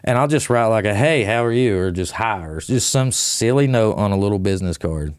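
Deep-voiced man telling playful stories. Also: a little fast, clear, resonant tone, no room sound, studio quality. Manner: playful, animated anecdote telling. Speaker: podcast co-host. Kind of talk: casual storytelling chat.

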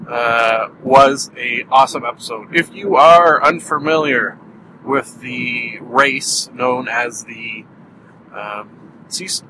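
A man's voice: mid-range voice, noisy background. A Canadian man hosting a podcast, rambling through a solo review chat and laughing at his own jokes. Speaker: podcast host.

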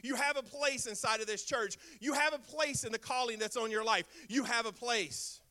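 Bright, high-voiced male pastor preaching. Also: normal speed. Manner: emphatic preaching with repeated refrains, swinging between loud bursts and soft lines. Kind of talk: sermon.

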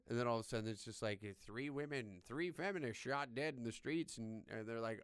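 A young man with a crude, loud and sarcastic manner, delivering a profane comedic rant into a close mic. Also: on the low side, fairly quick, few pauses, smooth, no room sound. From Canada.

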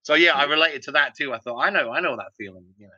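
Man, middle-aged, musician guest, rapid speech, sharp bright tone, rambling anecdotes. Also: a little high, no room sound. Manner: rambling, animated anecdotes with restarts. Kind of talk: casual interview storytelling. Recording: dull, lo-fi dry sound.

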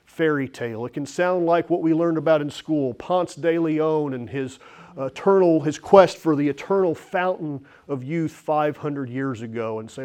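A man's voice: medium pitch, moderate pace. A man preaching a sermon, reading scripture and slipping into candid, joking asides. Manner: conversational preaching with self-deprecating asides and laughs; reads scripture aloud, rising animated at personal points. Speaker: pastor.

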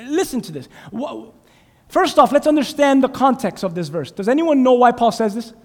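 A male preacher with a strikingly high voice teaches a sermon, tossing questions to the congregation and drawing their answers. His voice swells from quiet explanation to shouted emphasis. The sound carries a long reverb from the church hall. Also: lively intonation, moderate pace. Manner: call-and-response preaching, asks the congregation questions, builds to shouting. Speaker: pastor. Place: church sanctuary.

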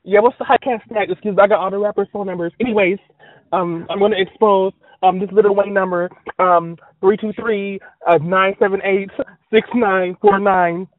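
A high-pitched man rambling through a scattered monologue and stumbling over fillers and trailing asides. His voice comes through thin, phone-like audio with a close, dry sound. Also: steady tone, moderate pace, no echo.

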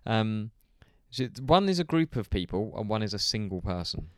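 A man's voice: lowish voice, sing-song, normal speed, no echo, studio quality. A man co-hosting a casual chat, reading out listener questions and steering the talk, laughing easily. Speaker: podcast co-host.

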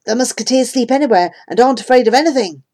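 A woman's voice: on the high side, quick pace, darkish tone, pitched above the performer's own voice, lightly acted. A woman voicing a cheerful, easygoing young village boy in an audiobook, reassuring and matter-of-fact. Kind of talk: audiobook character voice.

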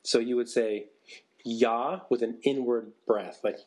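A man's voice: medium pitch, fairly even intonation, unhurried, darkish tone. A man co-hosting a podcast who explains ideas in a casual chat and keeps checking in with "right?". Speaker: podcast co-host.

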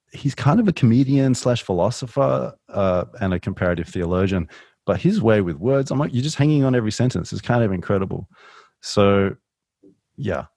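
A man with an Australian accent, a podcast guest telling stories in a mumbly, monotone way. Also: low-pitched, dry recording, studio quality. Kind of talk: casual podcast conversation.

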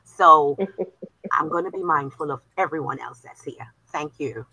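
Gravelly, bright woman in her fifties. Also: low-pitched, normal speed, no room sound, poor audio. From New York. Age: 50s. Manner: expressive, self-described storyteller. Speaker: health navigator, panel guest. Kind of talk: warm panel introduction.

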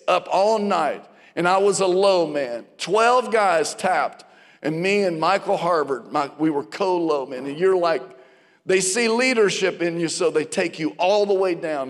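A man in his fifties preaching a sermon, telling a personal story and calling out to the congregation. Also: high voice. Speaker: pastor. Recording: long reverb of a large hall.

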